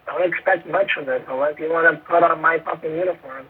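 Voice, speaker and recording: A man in casual phone chat, blunt and profane, talking at length. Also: fairly high pitch. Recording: tinny phone line with faint noise.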